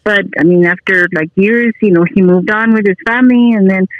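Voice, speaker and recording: A woman's voice: medium pitch, a little fast, dry recording, lo-fi sound. A woman in her forties, a guest telling stories in a casual chat and laughing easily. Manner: chatty storyteller, laughs easily.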